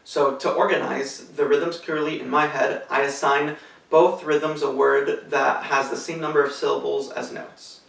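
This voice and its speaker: A man's voice: a little high, little pitch movement, unhurried, creaky, a bit bright. A man giving a cello lesson, explaining rhythm step by step in a patient, methodical way with some fillers. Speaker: cello teacher. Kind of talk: instructional tutorial. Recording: echoey room, mic at a distance.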